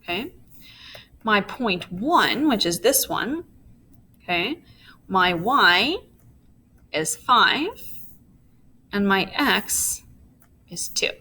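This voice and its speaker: A woman's voice: mid-range voice, expressive, extremely slow, pauses often, bright, forceful tone, slightly rough. A woman teaching a recorded physics lesson, walking through each step and checking in with her students, with playful asides. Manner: walks through steps, checks in with "okay?".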